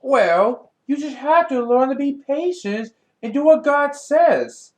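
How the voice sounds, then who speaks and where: A man voicing a cheerful, patient male apple who gently coaxes his friend in a homemade puppet story. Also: extremely high pitch, expressive, slow pace, full character voice. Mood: coaxing. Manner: gentle, coaxing, asks questions.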